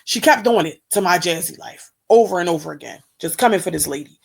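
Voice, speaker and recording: A woman's voice: fairly low pitch, animated, fast talker, creaky, breathy edge. A woman hosting a reaction video, giving casual, emphatic commentary and putting questions to her viewers.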